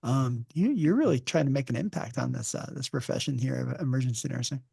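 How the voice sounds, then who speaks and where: A male podcast host in a casual interview, telling relaxed stories with jokes. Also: medium pitch, a little fast, vocal fry, husky, no echo, clean studio sound. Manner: relaxed storyteller who jokes.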